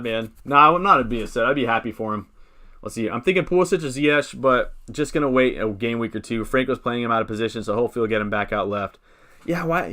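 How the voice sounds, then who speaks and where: A young man hosts a casual live stream, chatting loosely and drifting off on tangents. His voice sits at an ordinary middle pitch. Now and then he stops to read out comments from his viewers and answer them. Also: fairly bright tone. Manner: rambling, chats with viewers, reads out comments.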